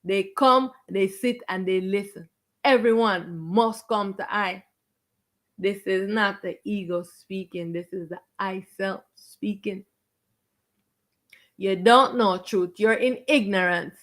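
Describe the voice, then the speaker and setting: A woman playing a spiritual teacher preaches to live-stream viewers in an emphatic, confrontational way, stretching out stressed words and repeating phrases. Her voice is medium-pitched and she takes it slowly.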